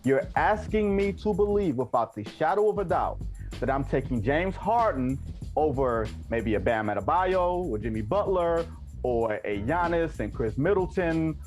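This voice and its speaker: A man's voice: fairly high pitch, expressive, moderate pace, darkish tone, faint music behind. A man giving blunt, emphatic opinions as a guest on a basketball talk show, mixing jokes into his arguments. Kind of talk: opinionated sports debate.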